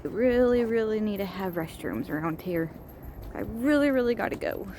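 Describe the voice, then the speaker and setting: A woman's voice: mid-range voice, animated, moderate pace, warm tone, slight background noise. A woman chatting casually to her vlog audience on a park trail, a bit out of breath and exasperated. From US state of Georgia. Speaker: vlogger. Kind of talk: casual vlog talk to camera.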